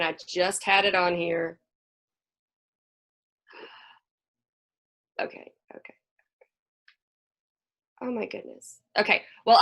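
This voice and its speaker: Bright-voiced woman counselor talking to moms. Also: mid-range voice. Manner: chatty, folksy, acts out children's voices. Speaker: counselor and play therapist. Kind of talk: talk to a moms' group over a video call. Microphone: video call.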